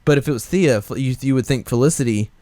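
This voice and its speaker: A man's voice: mid-range voice, fast, a little mellow, dry recording. A man co-hosting a podcast in casual chat, theorizing eagerly about a TV show, often repeating words and laughing. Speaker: podcast co-host.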